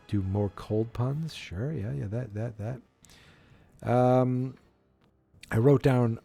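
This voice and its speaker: A man's voice: fairly low pitch, vocal fry, mellow, slightly rough. A man hosting a podcast, casually recapping a movie in a rambling way and acting out lines in silly voices. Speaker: podcast host. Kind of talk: casual movie review chat.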